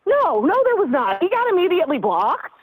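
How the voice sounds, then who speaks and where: A woman's voice: very high-pitched, a little fast, dry recording, phone-quality sound. A woman calling into a comedy show, telling a story and acting out what others said. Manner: animated, acts out what others said. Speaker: caller. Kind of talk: casual storytelling.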